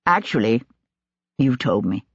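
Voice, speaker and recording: A reader voicing a sharp-tongued aristocratic lord who speaks in a calm, clipped, commanding way, for an audiobook. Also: mid-range voice, measured pace, husky, no echo, pitched below the performer's own voice. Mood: probing. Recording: dull, dry lo-fi recording.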